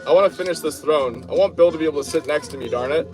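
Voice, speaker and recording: A man's voice: on the high side, rapid-fire, darkish tone, soft background music, poor audio. A man hosting a casual crafting stream, rambling playfully between topics while he works. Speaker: channel host, crafter.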